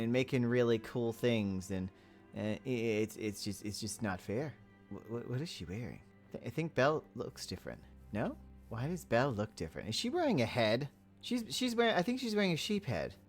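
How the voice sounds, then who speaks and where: A man's voice: medium pitch, fairly bright tone. A man giving casual gameplay commentary as a roleplay server player, rambling and often stammering and repeating words.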